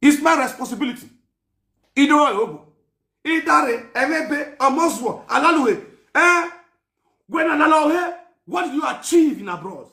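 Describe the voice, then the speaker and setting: A man with a very high voice rants at length, scolding and mocking as he mixes Pidgin and Yoruba. He often breaks into shouting. His voice rings in an echoey room. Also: animated, measured pace, pauses often. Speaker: commentator. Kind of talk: ranting commentary.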